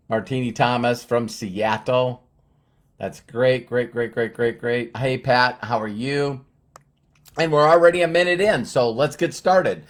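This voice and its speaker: A livestream host talks with his viewers, greeting them by name and leaning heavily on fillers and repeated words. His voice sits in the middle range and he keeps a measured pace.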